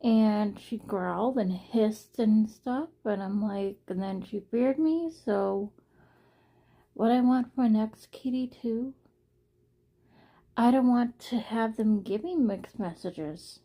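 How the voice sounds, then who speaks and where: A woman's voice: mid-range voice, steady tone, measured pace, warm tone. A young woman talking casually to her viewers in a personal vlog, rambling and earnest, often repeating herself. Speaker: vlogger.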